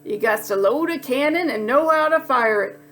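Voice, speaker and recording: Cranky male pirate captain in a kids' storybook, gruff and loud, read by a woman. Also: high-pitched, animated, normal speed. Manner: rhyming, bellowing pirate talk.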